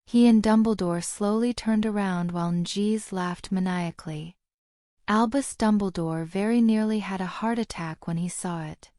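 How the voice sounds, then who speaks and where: A woman narrating a fantasy audiobook in a steady storytelling manner. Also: medium pitch, moderate pace, no echo, studio quality. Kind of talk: scripted narration.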